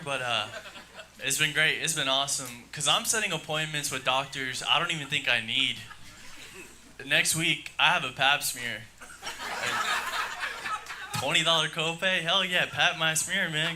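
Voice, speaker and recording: A man telling dry, offhand stand-up stories in a comedy club. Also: fairly high pitch. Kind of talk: deadpan stand-up set. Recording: live club with audible room noise.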